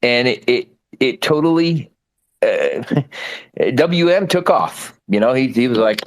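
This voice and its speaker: A man's voice: mid-range voice, big pitch swings, slow pace, low-quality recording. A man speaking in a live talk room, rambling and laughing at himself. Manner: rambling, self-deprecating, laughing. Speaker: guest speaker. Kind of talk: casual chat.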